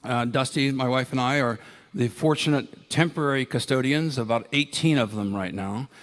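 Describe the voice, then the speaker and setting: A man's voice: medium pitch, moderate pace, fairly bright tone. Man in his sixties telling stories. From Ohio, United States. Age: 60s. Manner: anecdotal, enthusiastic, with many fillers. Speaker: conference speaker. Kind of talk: storytelling conference talk. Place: conference ballroom.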